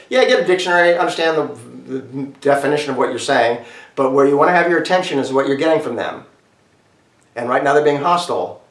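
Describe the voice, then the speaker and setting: A man teaching an acting class over a video call, talking straight to his students in an animated way with lots of fillers. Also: medium pitch, quick pace. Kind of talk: online acting class lecture. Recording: echoey room, mic far off.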